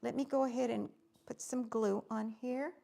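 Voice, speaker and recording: A woman's voice: on the high side, fairly even intonation, normal speed, gravelly, mellow. A middle-aged woman, chatting through a craft demonstration livestream and greeting viewers by name.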